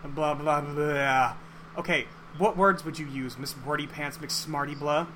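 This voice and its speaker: Guy doing a goofy teen boy, high bright voice, jokey and casual. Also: fairly even intonation, unhurried, a little hiss or hum. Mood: playful. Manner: casual, playful, teasing. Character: upbeat, goofy teenage boy.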